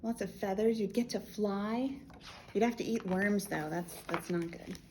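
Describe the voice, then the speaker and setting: American woman, children's librarian, playful storytime voice, gravelly edge, faint background hiss. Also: a little high, normal speed. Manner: animated, playful, with sound effects.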